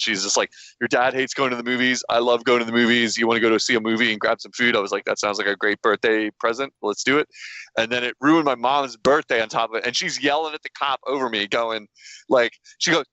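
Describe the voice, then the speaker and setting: A man co-hosting a podcast in casual chat, telling animated stories and acting out quotes. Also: on the low side, quick pace, dry recording. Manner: animated storyteller, acts out quotes, laughs often. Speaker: podcast co-host. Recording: dull lo-fi dry podcast audio.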